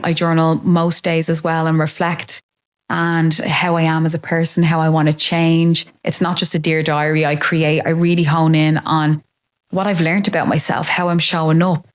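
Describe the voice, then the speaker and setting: A woman in her late thirties, possibly, talking openly and reflectively about her own life as a podcast host. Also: deep voice. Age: 30s. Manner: open, reflective, confiding. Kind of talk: candid personal monologue.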